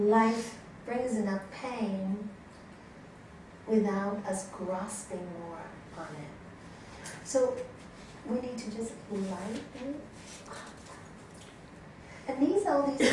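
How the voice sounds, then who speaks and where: A woman's voice: medium pitch, a little hiss or hum. A woman yoga teacher telling stories to her class and acting out the people in them. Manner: animated storytelling, acting out quoted people. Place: teaching room. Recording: echoey room from a distance.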